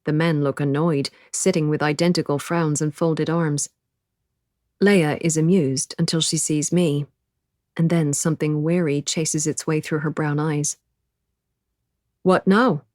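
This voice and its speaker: A woman narrating an audiobook in the first person, measured and quiet. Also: low-pitched, level tone, no room sound, clean studio sound.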